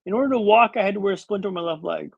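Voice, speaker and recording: A man's voice: high voice, very fast, vocal fry, husky, dry recording, dull audio. A man in his thirties telling a story as a podcast guest, dramatic and wry with comic timing. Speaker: guest speaker.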